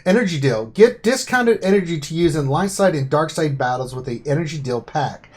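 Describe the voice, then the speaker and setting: A man's voice: a little high, lively intonation, brisk. A man co-hosting a casual gaming live stream, reading update notes aloud with joking asides. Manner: reads patch notes aloud, then jokes and asides.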